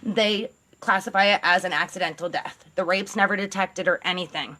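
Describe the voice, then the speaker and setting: Woman, casual storyteller, sarcastic, blunt, swears, mid-pitched voice. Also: quick pace, few pauses, pushed and bright. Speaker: storyteller host. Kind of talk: casual true-crime storytelling.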